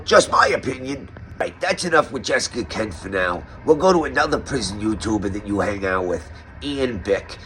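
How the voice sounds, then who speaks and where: A man's voice: on the high side, sharp tone, slight background noise. A man with a New York accent hosting a mock interview roast, asking questions in a sarcastic, mock-serious way. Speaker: roast host.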